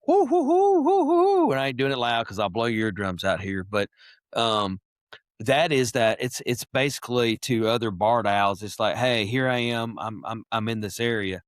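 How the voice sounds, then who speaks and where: A middle-aged man, a podcast guest chatting casually and telling lively stories, now and then imitating animal calls. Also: fairly low pitch, moderate pace, clean tone, no room sound, clean studio sound. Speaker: podcast guest, wildlife biologist. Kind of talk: casual interview chat.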